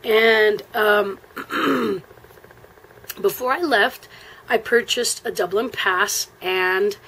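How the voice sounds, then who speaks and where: A woman with an American accent telling a travel story in a casual, rambling way, with lots of fillers and frequent throat clearing. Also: medium pitch, extremely slow, a bit bright, low-quality recording.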